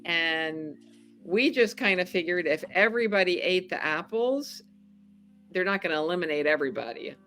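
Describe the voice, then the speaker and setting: A middle-aged woman, a podcast guest, telling a story in casual chat, animated and laughing often. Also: lowish voice, moderate pace, soft background music. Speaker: podcast guest, former game show contestant.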